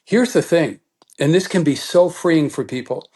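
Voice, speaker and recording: Speaking at a moderate pace in a fairly high, slightly breathy voice, a middle-aged man serves as an interview's guest expert, teaching animatedly and performing the thoughts he quotes.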